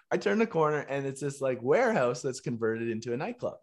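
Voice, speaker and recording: A man, telling a casual, animated story as a musician and coach, laughing and swearing freely as he goes. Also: medium pitch, a little fast, hardly any pauses. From Canada.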